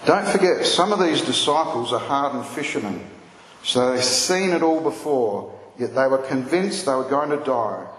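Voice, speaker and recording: A man's voice: mid-range voice, fairly bright tone. A man preaching a sermon, telling stories earnestly and lifting his voice for emphasis. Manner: earnest storytelling, rising for emphasis. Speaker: pastor. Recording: echoey hall with long reverb, faint ambience.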